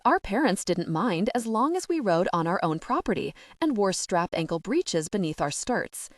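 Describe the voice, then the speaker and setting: A woman's voice: mid-range voice, sing-song, normal speed, no echo, studio quality. A woman voicing an earnest, worried younger sister who explains things at length.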